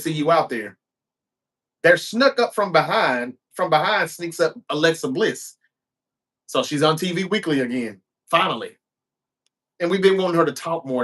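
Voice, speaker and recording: A man's voice: medium pitch, a bit bright. A man hosting a show, giving a casual recap of a wrestling episode and acting out the wrestlers' lines as he goes. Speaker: show host.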